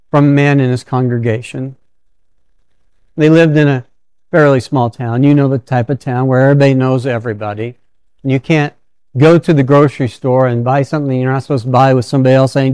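Male preacher, mid pitch, smooth clear voice, dry close sound, casual storytelling sermon delivery. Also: darkish tone, no echo. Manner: conversational storytelling with frequent restarts.

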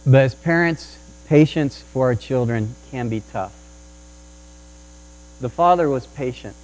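A man's voice: medium pitch, measured pace, a little mellow, low-quality recording. A man preaching a sermon about parenting, telling a story with frequent restarts and repeated words. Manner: restarts often, tells anecdotes with acted quotes. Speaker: pastor.

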